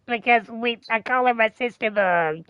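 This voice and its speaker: A woman streamer chatting casually, telling a rambling, profane, animated story. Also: fairly high pitch, normal speed, smooth, no echo, lo-fi sound. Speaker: game streamer. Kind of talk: casual chat.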